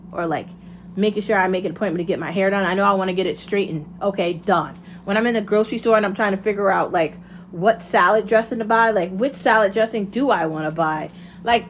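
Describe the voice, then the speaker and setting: Woman rambling thru a casual motivational rant, swearing, pretty average pitch, bit of faint noise behind her. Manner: candid, rambling, swears freely. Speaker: podcast host.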